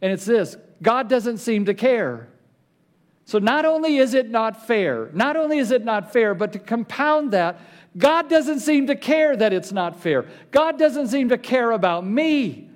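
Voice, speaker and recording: A male pastor with a high, bright-toned voice delivers a sermon. He reads scripture aloud with building intensity and draws out key phrases slowly for weight. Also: very animated.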